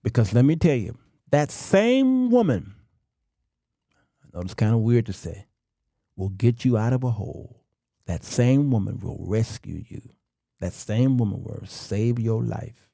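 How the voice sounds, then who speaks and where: A middle-aged man hosting a talk show, delivering a slow, emphatic monologue to men with long dramatic pauses. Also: fairly low pitch, gravelly, dark tone, dry recording, studio quality.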